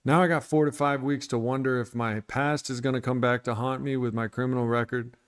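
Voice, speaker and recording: A man's voice: medium pitch, steady tone, fairly quick, clear, resonant tone. A man talking candidly and bluntly about his recovery on a livestream, irritated and venting with profanity. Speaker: recovery streamer.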